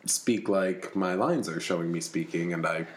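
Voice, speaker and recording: A man's voice: sits low, moderate pace. A man co-hosting a casual podcast, joking and self-mocking as he chats with friends. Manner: playful, self-mocking, animated. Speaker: podcast co-host. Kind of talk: casual chat.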